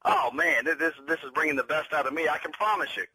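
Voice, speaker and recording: A man's voice: fairly high pitch, animated, fast talker, sharp tone. A man on a radio prank call, outraged and cursing, laughing in disbelief. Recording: played radio phone call.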